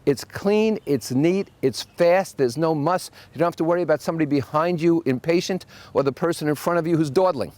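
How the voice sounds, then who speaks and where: A man hosting a solo podcast, telling wry anecdotes with animated asides. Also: on the high side, fairly quick, hardly any pauses, no echo. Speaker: podcast host.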